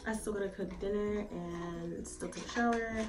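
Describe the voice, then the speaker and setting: This beauty vlogger talks at normal speed in a steady, medium-pitched voice while giving a casual, wandering review at home. Chatty and quick to swear, she sprinkles "like" and "um" throughout, picked up by a slightly distant mic with faint music in the background.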